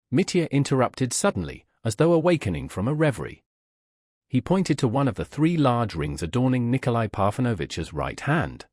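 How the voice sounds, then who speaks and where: Husky, expressive male audiobook narrator. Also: medium pitch, fairly quick, no room sound, clean studio sound. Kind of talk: audiobook narration of a classic novel.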